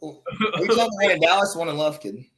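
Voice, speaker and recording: Young dude, higher voice, jokey short podcast chime-ins. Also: male voice, sing-song, brisk, a bit bright, slightly rough. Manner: jokey, chiming in with short remarks. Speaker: podcast co-host. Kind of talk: casual chat.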